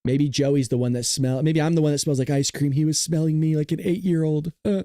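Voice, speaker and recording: A man's voice: a little high, fairly even intonation, a little fast, hardly any pauses, warm tone, dry recording, studio quality. A man hosting a live political commentary stream, talking casually to his chat, jokey and profane. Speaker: livestream political commentary host.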